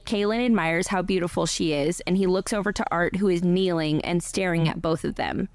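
A woman co-host casually recapping an erotic novel in a matter-of-fact way. Her voice sits low, and the recording is dry and close. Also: steady tone, a little fast, dry recording. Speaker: podcast co-host.

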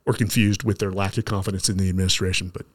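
A man's voice: sits low, flat delivery, very fast. A middle-aged man hosting a conversational interview, speaking earnestly and often stopping to restart his sentences. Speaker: podcast host.

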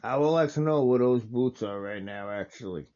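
A man's voice: medium pitch, moderate pace, dark tone, muffled recording. A man hosting a casual wrestling watch-along, talking in a rambling, enthusiastic way with lots of fillers and restarts.

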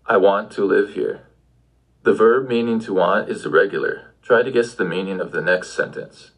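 A man's voice: on the low side, normal speed, low-quality recording. A man giving an audio language lesson, patiently prompting the listener with questions. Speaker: language teacher.

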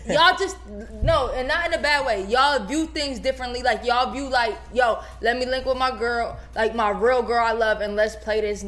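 A woman co-hosting a chat show, cutting in with quick teasing remarks. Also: a little high, a bit bright. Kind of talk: casual chat.

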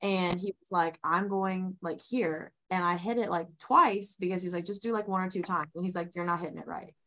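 A woman with a fairly low voice co-hosts a casual podcast. She tells her stories in a quick, excitable way. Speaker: podcast co-host. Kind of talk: casual chat.

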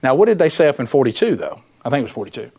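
A man's voice: medium pitch, big pitch swings, very fast, a little mellow, breathy edge. A man teaching a Bible study in a folksy, conversational way, acting out the voices of Bible figures.

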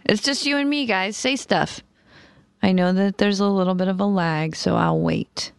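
A woman's voice: lowish voice, gravelly, darkish tone, dry recording. A woman hosting a live stream, chatting casually and reading chat messages aloud. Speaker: stream host.

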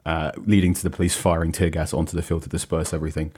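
A British man with a very low voice and a husky, slightly rough edge tells his story at an easy pace. He stumbles and restarts often and fills his pauses with "uh" and "um", like a reporter chatting after the match. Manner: relaxed storytelling with frequent fillers and restarts. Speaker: football journalist. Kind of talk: conversational reporting.

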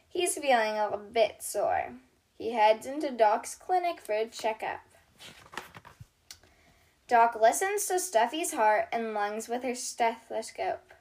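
Host type: woman reading kids' books aloud, high voice, slow and gentle. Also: lively intonation. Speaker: storytelling channel host. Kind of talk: children's storybook read-aloud.

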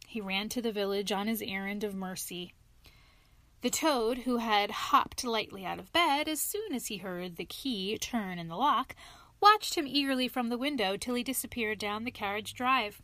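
A woman narrating a classic storybook in an expressive, lively reading voice. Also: fairly high pitch, moderate pace, no echo.

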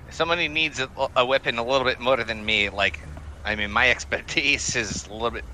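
Very bright, hesitant man. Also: medium pitch, fast, slight background noise, poor audio. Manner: hesitant, rambling, with fillers and laughs. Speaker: player. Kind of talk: tabletop role-play chat.

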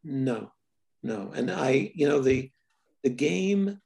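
An older man, a filmmaker, giving thoughtful, halting interview answers full of restarts. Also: medium pitch, expressive, creaky, a little mellow, husky. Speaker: filmmaker guest.

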